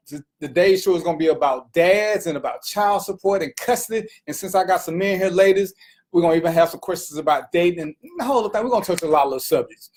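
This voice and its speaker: A man's voice: high-pitched, fast, darkish tone, a little hiss or hum. A man hosting an internet radio talk show, slangy and casual, greeting viewers by name.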